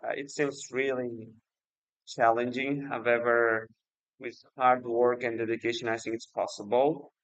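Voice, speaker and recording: A man's voice: mid-range voice, flat delivery, a little slow, dry recording, dull audio. A man hosting a casual livestream, speaking hesitantly with many fillers and restarts. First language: Uzbek. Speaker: livestream host and exam student.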